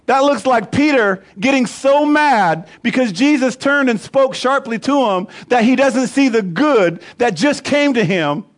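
A man pastor preaching a sermon, emphatic and repetitive, building rhythmic lists. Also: sits high.

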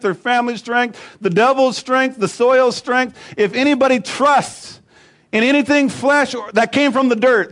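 Male pastor, high voice, emphatic repetitive sermon delivery. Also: fairly bright tone. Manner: emphatic, repetitive preaching with rhythmic lists.

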